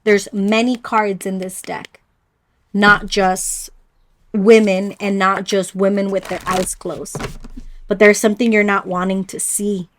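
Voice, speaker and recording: A woman with a medium-pitched voice leads a pick-a-card spiritual reading. She speaks gently and reflectively, addressing her viewers directly. She pauses often and now and then trips over a word. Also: level tone, slight background noise. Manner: unhurried with pauses and small stumbles. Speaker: oracle card reader.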